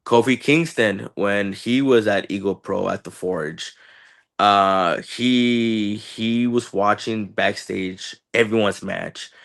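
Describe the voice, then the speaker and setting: A man in his thirties, a wrestler guest, telling stories in an animated way and acting out what people said to him. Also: fairly low pitch, takes it slowly, vocal fry. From Chicago area. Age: 30s. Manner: animated storyteller, acts out quotes, repeats words. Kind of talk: casual interview talk.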